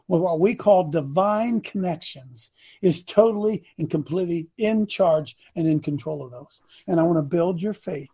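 A man preaching a story-driven sermon, animated and bursting into shouts for emphasis. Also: high-pitched, breathy edge.

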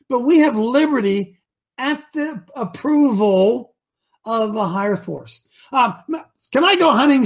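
Male talk host, high husky voice, rousing preacher-like delivery. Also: a little mellow. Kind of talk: fiery live talk show.

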